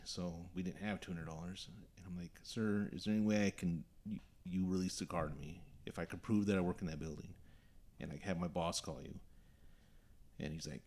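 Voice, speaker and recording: A man's voice: low-pitched, a little mellow. A young man hosting a podcast, telling a story casually and acting out the voices of the people in it. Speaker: podcast host.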